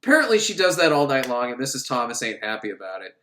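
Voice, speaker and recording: A man's voice: medium pitch, sing-song, fast, sharp tone. A man giving a rambling, profane, sarcastic comic recap of a film. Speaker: film reviewer. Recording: echoey room.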